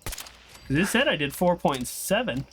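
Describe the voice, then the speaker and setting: A young gaming channel host rambles chattily through casual let's-play commentary, telling long side stories as he plays. His high voice swings widely in pitch at an unhurried pace, with slight background noise.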